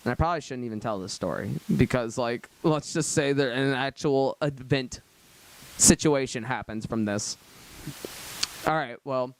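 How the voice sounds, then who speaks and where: A man's voice: medium pitch, normal speed, a little hiss or hum. A young man co-hosting a podcast, rambling through a story in casual chat, swearing and laughing often. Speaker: podcast co-host.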